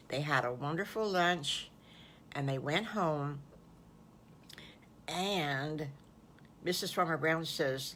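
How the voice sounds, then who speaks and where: Folksy grandma telling a children's story. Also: female voice, sits low, slow pace, pauses often, a little hiss or hum. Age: older. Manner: animated, folksy exclamations. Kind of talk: improvised bedtime storytelling to children.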